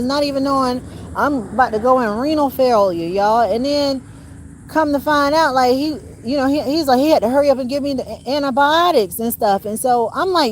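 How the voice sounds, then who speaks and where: A woman with a slightly high voice talks straight to her viewers in a loose, rambling monologue. She is emphatic and swears freely. Faint noise sits behind her. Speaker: vlogger. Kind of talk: casual monologue to camera. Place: rented home.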